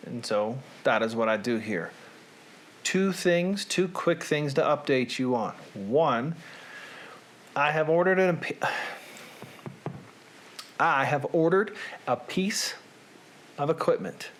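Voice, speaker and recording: A man with a Southern US accent hosting his own show, talking casually in a rambling, deadpan, self-deprecating way from a small room at home. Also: on the high side, takes it slowly, long pauses, slight background noise. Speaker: show host. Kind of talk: casual monologue to camera.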